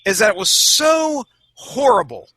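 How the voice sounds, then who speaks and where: A man co-hosting a podcast in casual chat, animated and eager to explain. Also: sits high, a little slow. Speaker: podcast co-host.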